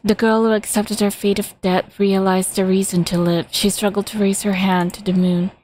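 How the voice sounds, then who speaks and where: A woman reading a game's story aloud at a measured pace, now and then stumbling or adding casual asides. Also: mid-range voice, little pitch movement, a little mellow, a little hiss or hum, low-quality recording. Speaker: reader of game story.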